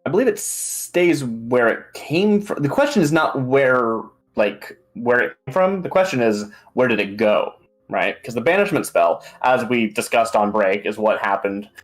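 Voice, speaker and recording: A man's voice: medium pitch, expressive, unhurried. A man playing in a tabletop game, thinking aloud in a tentative, casual way. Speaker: player. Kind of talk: casual chat.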